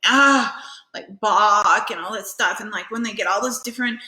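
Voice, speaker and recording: A woman's voice: mid-range voice, moderate pace. Chatty woman in an echoey room. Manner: chatty, animated storytelling with lots of fillers. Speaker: podcast host. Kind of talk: casual motivational monologue.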